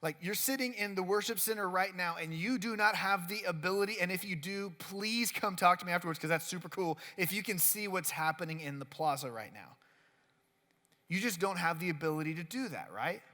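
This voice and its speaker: A man's voice: high-pitched, brisk, sharp tone. A man preaching a casual youth sermon in a worship center, telling a story in a chatty way that leans heavily on "like" and acts out the quotes. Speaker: youth pastor. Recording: long reverb of a worship hall.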